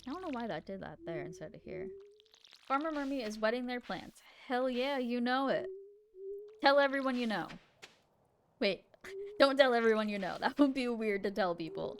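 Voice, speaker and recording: Game music runs under this live stream of a farming game, hosted by a woman with an expressive, fairly high voice and slight background noise. Speaking at a normal pace, she's playful and giggly, muttering to herself during casual gameplay chat.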